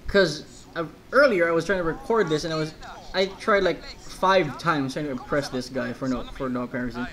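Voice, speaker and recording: A man's voice: on the high side, a little fast, fairly bright tone, low-quality recording. A man giving casual let's-play commentary, rambling between jokey asides.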